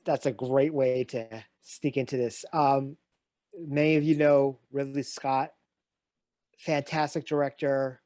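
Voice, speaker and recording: A man's voice: medium pitch, mellow, dry recording. A man hosting a casual online watch-along, introducing the guest and the film with many fillers. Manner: upbeat, filler-heavy introductions. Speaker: host. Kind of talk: casual show hosting on a video call.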